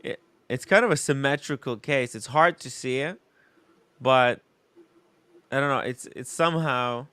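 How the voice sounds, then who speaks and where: A man's voice: mid-range voice, unhurried, sharp tone, smooth, no echo. A man hosting a casual livestream chat about watches, easygoing, reading out viewer messages. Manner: laid-back, reads out viewer messages. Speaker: host.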